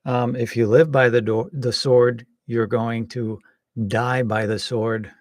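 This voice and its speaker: A man giving casual, rambling political commentary, hesitant with many pauses and some wry jokes. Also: mid-range voice, little pitch movement, a little mellow, no echo, studio quality. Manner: wry and joking.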